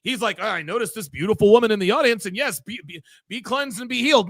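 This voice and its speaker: A man with a strikingly high, bright voice tears into a clip with profane, heated commentary and often shouts. The sound is dry and close, with no room around it. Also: fast talker, no room sound. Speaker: podcast host.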